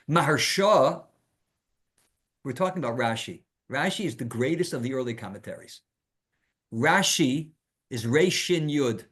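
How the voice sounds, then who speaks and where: A male rabbi giving a Torah lecture, animated and emphatic, asking rhetorical questions and sprinkling in Hebrew terms. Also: mid-range voice, a little slow, breathy edge.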